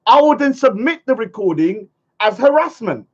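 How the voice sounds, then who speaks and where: Taunting high-voiced man, dull lo-fi sound. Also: big pitch swings, normal speed. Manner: mocking, taunting, rambling. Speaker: vlogger. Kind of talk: casual vlog talking to a live chat.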